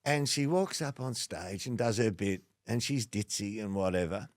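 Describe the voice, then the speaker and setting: A middle-aged Australian man, a former football player, telling a story in a casual interview and acting out the quotes with lively energy. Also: on the low side, normal speed, no room sound, clean studio sound.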